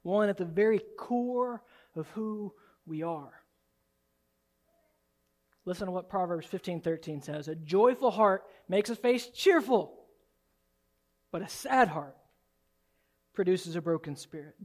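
A man preaching a sermon as pastor in a church, swinging from soft, low asides to loud, high exclamations. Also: lively intonation, measured pace, pauses often. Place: church sanctuary.

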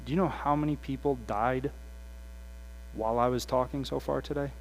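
A man preaching a sermon with passion, swinging from hushed asides to loud, animated quoted voices. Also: medium pitch, moderate pace, slight background noise, poor audio.

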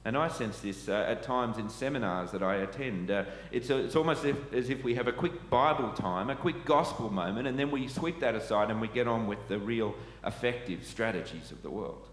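A man with a low voice preaches a sermon in earnest, putting questions to his listeners. The sound carries a long echo through a large church hall. Faint ambient noise sits beneath it. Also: fairly quick, hardly any pauses.

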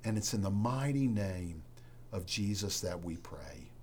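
A man preaching a sermon as a pastor to a church congregation, earnest and emphatic, with dramatic pauses, then leading a prayer. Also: deep voice, expressive, darkish tone, slight background noise.

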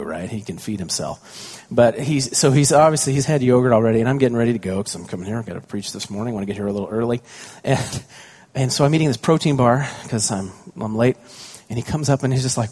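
A man's voice: medium pitch, expressive, fast talker, few pauses, darkish tone, slightly rough. A man, a pastor, preaching a conversational sermon with stories about his young children, often asking the congregation questions.

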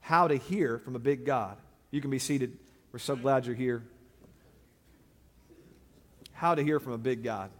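A pastor preaching a sermon, building up with emphatic, repeated phrases. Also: male voice, mid-range voice, moderate pace, in a large hall. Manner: preaching with rising emphatic repetition.

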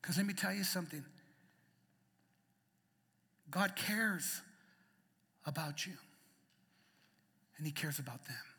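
A man pastor preaching a sermon with passion, swinging between loud emphatic peaks and quiet intimate passages. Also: on the high side, slow, long pauses, slightly rough. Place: church sanctuary. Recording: long reverb of a church hall.

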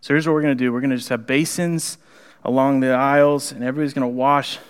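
A man preaching a conversational sermon in a church, animated and acting out the people in the story. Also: medium pitch, quick pace, smooth. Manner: animated, conversational, acts out the characters. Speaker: pastor. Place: church sanctuary.

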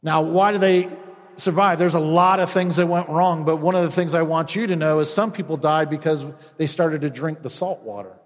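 A man's voice: fairly high pitch, moderate pace, in a large hall. A man preaching a sermon as a pastor, acting out quoted voices as he goes.

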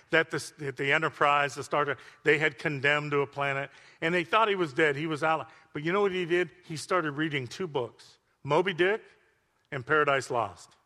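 A man's voice: fairly high pitch, bright, forceful tone. An older man preaching a sermon as pastor, telling stories with emphatic, chatty asides to his congregation. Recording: long reverb of a large hall.

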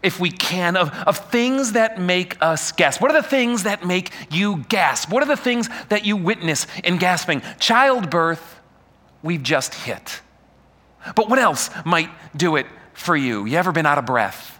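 A man preaching a sermon, animated and full of rhetorical questions aimed at the congregation. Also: high-pitched, unhurried.

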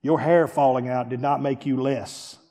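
A pastor preaching a sermon, swinging from hushed, quiet lines to near-shouted ones. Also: male voice, medium pitch, fairly even intonation, moderate pace. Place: church sanctuary. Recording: long reverb of a large hall.

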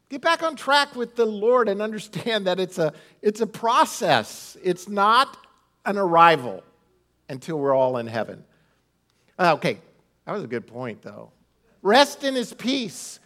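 Animated, lively-voiced male pastor preaching. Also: high-pitched, unhurried. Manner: animated, humorous preaching with laughs and asides. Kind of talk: sermon.

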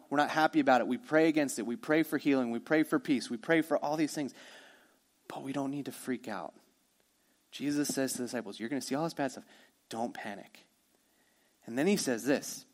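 Conversational preaching man, fairly high. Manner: conversational preaching, swings from emphatic to hushed. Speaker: pastor. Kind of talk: sermon.

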